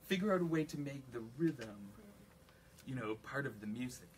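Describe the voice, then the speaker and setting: A man's voice: medium pitch, animated, moderate pace, a crowd in the background. A man teaching a flute masterclass to an audience, singing rhythms on syllables, counting aloud and joking as he coaches. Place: recital room with an audience.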